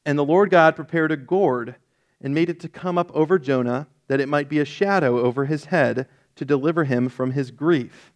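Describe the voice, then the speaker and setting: A male pastor with a slightly high voice preaches at a normal speed, teaching the Bible in a laid-back way. He corrects himself as he goes, adds light jokes, and reads scripture with rising emphasis.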